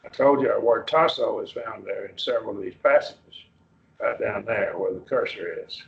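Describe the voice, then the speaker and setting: A man's voice: lowish voice, gravelly. A man teaching a Bible class on a Greek text, explaining step by step and quizzing his students. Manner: explains slowly, quizzing students, many restarts. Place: church classroom. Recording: roomy, muffled class recording.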